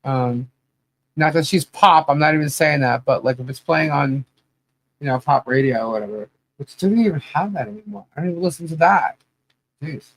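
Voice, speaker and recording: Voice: mid-range voice, normal speed, a bit bright. A podcast host in a casual, rambling trivia chat, laughing often as they talk.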